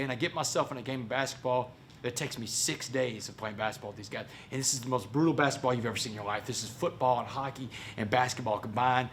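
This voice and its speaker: A Texan man tells a motivational story at a quick clip, animated and folksy as he keeps turning to the audience. His voice sits at an ordinary middle pitch, and there is a faint hiss behind him. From Port Arthur, Texas. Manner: animated, folksy, keeps addressing the crowd as "y'all". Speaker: motivational speaker.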